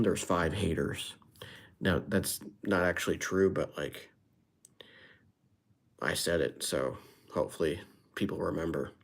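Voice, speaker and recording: A man's voice: low voice, darkish tone. A man chatting casually on a live stream, playfully rhyming and dropping into whispers. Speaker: livestreamer. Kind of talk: casual live-stream chat with freestyle rhymes.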